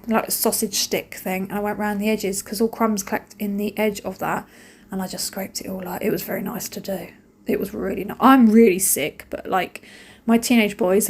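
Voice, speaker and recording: A middle-aged woman, chatting casually in a home vlog and rambling through stories as she cleans. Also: medium pitch. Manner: chatty, rambling storytelling with playful quoted voices. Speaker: vlogger. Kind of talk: casual chat. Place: home kitchen and garden.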